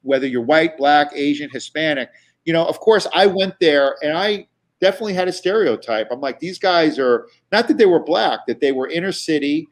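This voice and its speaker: A man tells road stories as a guest, casual and profane. His voice sits a bit high for a man. He restarts sentences often and piles on fillers as he goes. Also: animated, brisk. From New York. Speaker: guest comedian. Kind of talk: casual storytelling.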